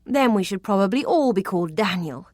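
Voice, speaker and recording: A woman reading a cautious, stuffy gentleman. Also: mid-range voice, animated, fairly quick, no echo, studio quality, close to an everyday voice. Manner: cautious, proper, flustered.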